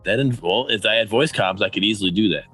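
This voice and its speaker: A man's voice: on the low side, fast, breathy edge, soft background music. A man on a gaming panel, talking casually and animatedly, complaining and saying "like" a lot. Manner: animated, complaining, heavy use of "like". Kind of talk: casual livestream chat.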